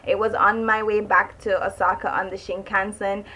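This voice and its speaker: A woman's voice: mid-range voice, level tone, moderate pace, sharp tone, slightly rough, rough recording. A young woman narrating her travel vlog in a chatty, enthusiastic way, with casual asides and self-corrections. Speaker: vlogger.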